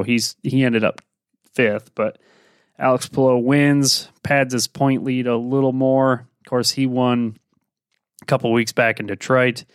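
A man's voice: medium pitch, smooth, no room sound, studio quality. A man hosting a podcast, giving a casual, rambling recap of the weekend's races with plenty of fillers. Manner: relaxed, rambling with many fillers. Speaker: podcast host.

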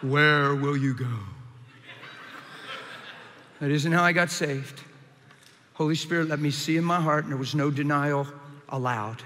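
A man preaching his testimony, moving between hushed and shouted lines with dramatic energy. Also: a little high, fairly even intonation, moderate pace, long reverb tail, slight background noise. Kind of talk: testimony sermon.

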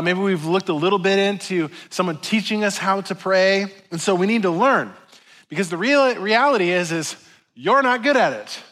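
A man's voice: sits high, fairly bright tone. A man, a pastor, gives a casual, chatty sermon full of self-deprecating asides and filler words.

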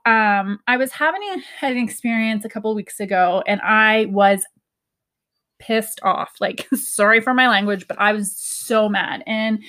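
With a medium pitch and a slightly bright tone, this young spiritual self-help vlogger speaks personally and casually to her viewers about healing. She's sincere and talkative, laughs a lot, and slips in quotes of herself.

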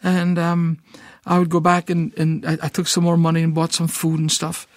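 A man's voice: a little high, monotone, moderate pace, no room sound, clean studio sound. A middle-aged Scottish man telling an emotional personal testimony, stammering and repeating words as he tells it vividly. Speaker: ministry founder, guest.

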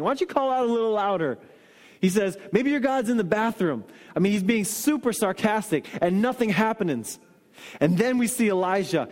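A man delivers a sermon with a notably high voice. He tells stories animatedly and sinks into quiet earnest emphasis. His voice rings with long reverb from a large hall. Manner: storytelling, shifts into quoted voices and soft emphatic lines. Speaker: pastor.

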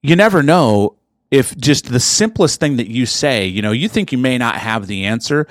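A man's voice: mid-range voice, lively intonation, normal speed, no echo, studio quality. A man co-hosting a podcast, talking casually and acting out quoted people as he goes. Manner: chatty, drops into quoted voices. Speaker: podcast co-host. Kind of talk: casual chat.

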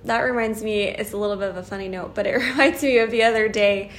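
A woman's voice: medium pitch, steady tone, fast, slight background noise. A young woman co-hosting a podcast in casual chat, gushing and laughing often as she talks. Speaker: podcast co-host.

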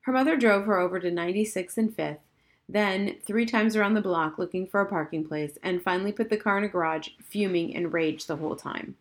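A woman reading a children's novel aloud in an even, measured storybook narration. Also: medium pitch. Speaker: audiobook narrator.

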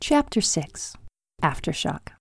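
An older woman hosting her own podcast and reading aloud from her memoir in a calm, measured way. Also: sits low, gravelly, slightly rough, dry recording, studio quality. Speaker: podcast host and author.

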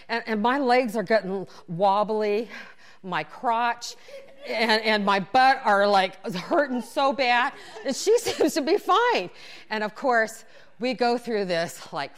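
A woman telling a personal story in a lively way, acting out her own thoughts and her friends' lines with frequent laughter. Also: a little high.

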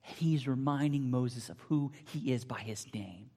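A man preaching a sermon, emphatic and repetitive, swinging between loud declarations and near whispers. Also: mid-range voice, normal speed. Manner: emphatic, repeats phrases, drops to near whispers. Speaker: pastor. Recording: long hall reverb.

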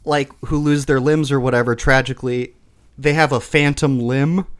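A man's voice: medium pitch, fairly even intonation, normal speed. A man co-hosting a podcast, chatting casually and animatedly, laughing often and acting out voices as he tells stories. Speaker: podcast co-host. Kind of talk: casual chat.

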